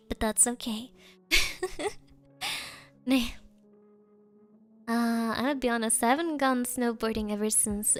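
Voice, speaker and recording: A woman streamer from Germany chatting casually, rambling with lots of "like" and frequent giggles. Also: a little high. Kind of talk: casual chat.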